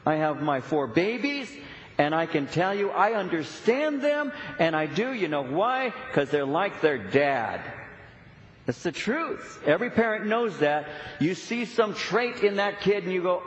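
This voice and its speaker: A man's voice: high-pitched, expressive, moderate pace, fairly bright tone. Emphatic preaching man in an echoey hall. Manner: earnest, emphatic preaching with repetitions. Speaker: pastor. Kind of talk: sermon. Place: church sanctuary. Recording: echoey, dull church recording.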